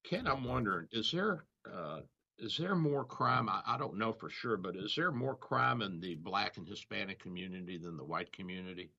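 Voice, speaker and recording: A man with a low, bright voice hosts a radio health show, rambling through anecdotes with a chuckle. His pitch swings widely as he talks. The audio is dull and lo-fi. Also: expressive, moderate pace, vocal fry. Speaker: radio show host, doctor. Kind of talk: casual radio banter.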